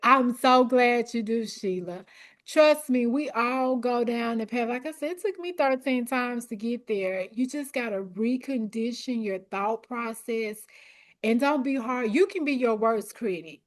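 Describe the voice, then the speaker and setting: A woman coaching a study group for an exam, speaking in a direct, repetitive and encouraging way while her voice grows hoarse and she keeps clearing her throat. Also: on the high side, measured pace. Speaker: academic coach.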